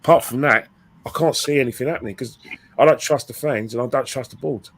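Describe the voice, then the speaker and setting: A man on a fan panel, reasoning through his points in a measured way. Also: mid-range voice. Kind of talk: football fan panel chat.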